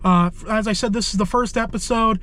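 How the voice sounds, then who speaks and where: His voice sits high, with a steady, fairly bright tone and a slightly quick pace, captured on a low-quality recording. The speaker, a volunteer firefighter, talks loosely to his viewers while sick and short of breath, rambling with many fillers. It's casual vlog talk, outdoors on a march and later in his parked car.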